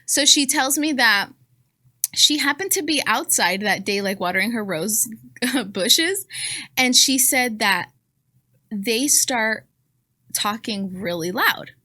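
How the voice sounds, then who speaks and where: Bright, animated woman telling a story. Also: fairly high pitch, takes it slowly, pauses often. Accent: Southern Californian. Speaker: podcast co-host. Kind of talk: casual storytelling chat.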